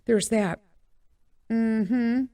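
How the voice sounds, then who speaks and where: A woman's voice: fairly high pitch, drawn-out words, warm tone, no room sound, clean studio sound. A middle-aged woman hosting a podcast, telling a casual story with many fillers and acting out the voices she quotes. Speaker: podcast host.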